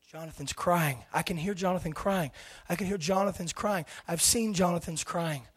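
A male preacher delivering a fervent sermon in a notably high voice. His intensity swings from loud, urgent declarations down to hushed, almost whispered stretches. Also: normal speed, breathy edge. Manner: impassioned, swinging from shouting to hushed.

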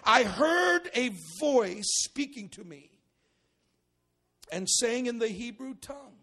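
High-voiced man preaching a fiery sermon. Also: lively intonation, slow pace. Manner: swings from quiet asides to shouted exclamations; repeats and restarts words. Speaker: pastor. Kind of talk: sermon with Bible reading. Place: church service.

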